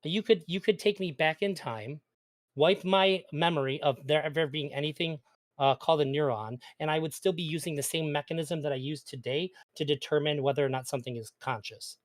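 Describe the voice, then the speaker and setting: A man's voice: on the high side, a little fast. A man guest in a casual debate, arguing earnestly and often restarting his sentences. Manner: earnest, argumentative, stumbles on restarts. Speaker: interview guest.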